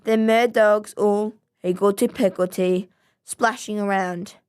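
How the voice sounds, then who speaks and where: A woman reading a children's story aloud in a measured, expressive way. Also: medium pitch, clear, resonant tone.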